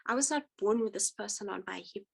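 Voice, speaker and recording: A woman giving an earnest, halting personal testimony at a church support meeting, speaking with feeling and frequent pauses. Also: medium pitch, gravelly, breathy edge, poor audio. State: emotional. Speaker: speaker sharing her testimony.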